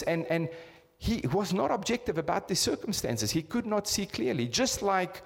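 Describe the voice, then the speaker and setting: A man's voice: high-pitched, very animated, moderate pace, gravelly, hardly any pauses. A man in his fifties with a South African accent, preaching a sermon and putting rhetorical questions to his congregation. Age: 50s. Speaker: pastor. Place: church hall. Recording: long reverb of a church hall.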